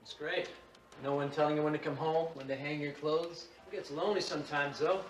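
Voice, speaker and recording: An easygoing young mechanic played by a man, warm toward a younger friend. He talks fast in a fairly high voice and sounds reassuring, in a scripted TV drama. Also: steady tone, lightly acted, poor audio. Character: young adult male mechanic, caring big-brother type.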